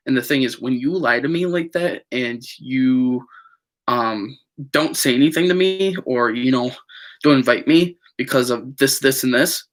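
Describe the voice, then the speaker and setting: A young man with a medium-pitched voice takes his time recounting a falling-out with friends to his viewers. This casual to-camera story from a vlogger rambles along, full of fillers and repeated phrases.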